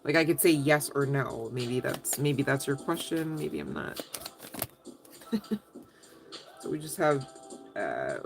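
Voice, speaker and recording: Low-voiced, giggly woman reading tarot. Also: lively intonation, slow pace, vocal fry, long pauses, noisy background. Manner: chatty, giggly, talks straight to viewers. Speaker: tarot reader answering live chat. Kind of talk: casual live tarot reading.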